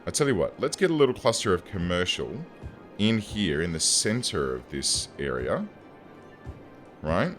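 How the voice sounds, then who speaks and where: Man, young adult, deep voice, lively pitch, rambling gameplay chat, faint background music. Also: normal speed. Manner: rambling, self-deprecating, chatty asides. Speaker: gaming YouTuber. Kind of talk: casual gameplay commentary.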